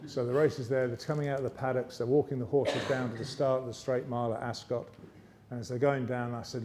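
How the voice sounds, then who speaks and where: An English man giving a motivational speech on stage, telling a lively story and slipping into other people's voices. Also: medium pitch, fast, slight background noise. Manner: lively yarn-spinning with character voices. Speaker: motivational speaker. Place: arts centre stage, live audience.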